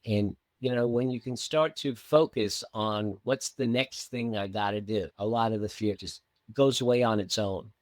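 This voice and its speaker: A man's voice: lowish voice, normal speed, few pauses, no echo. A man who works as a meditation coach, telling a story in conversation and acting out the lines of the people in it. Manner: animated, acts out quoted dialogue.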